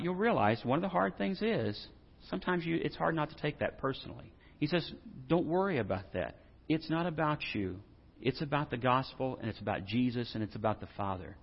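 A male pastor delivers a sermon in a conversational, animated way. His voice sits mid-range and swings between soft passages and loud, emphatic bursts. The recording sounds slightly dull and lo-fi. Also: medium pitch, slightly rough. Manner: conversational, humorous asides.

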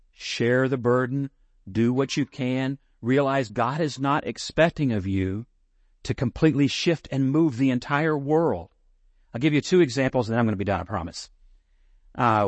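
A man preaching a sermon, earnest and close to tears, slowing down to stress his points. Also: medium pitch, no echo. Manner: earnest, emotional, slows down for emphasis. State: near tears. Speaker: pastor.

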